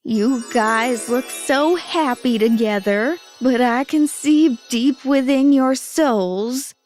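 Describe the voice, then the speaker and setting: A cryptic old woman drawls every word slowly and quietly, as if sharing a secret, a woman acting her out. It is an animated storytime voice, with faint music in the background. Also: high-pitched. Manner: slow, hushed and knowing. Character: mysterious old woman offering a magic pen.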